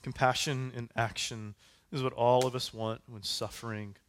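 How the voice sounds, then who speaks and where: A man's voice: mid-range voice, level tone, normal speed. A man preaching a sermon in a conversational way, with casual fillers and asides. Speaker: pastor.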